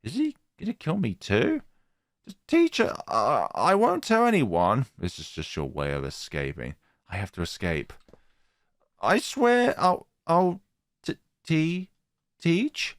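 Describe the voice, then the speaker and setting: A man's voice: on the high side, huge pitch swings, slow pace, no echo, studio quality, pitched above the performer's own voice, heavily acted. Man doing a panicked stammering schoolgirl. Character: panicked teenage schoolgirl witness.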